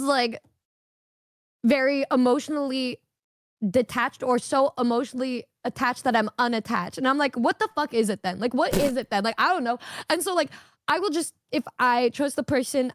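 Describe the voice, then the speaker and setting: A woman's voice: a little high, no room sound, studio quality. A woman streamer chatting casually, rambling with lots of fillers and swearing. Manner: rambling, swears a lot, fast filler-heavy talk. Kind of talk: casual chat.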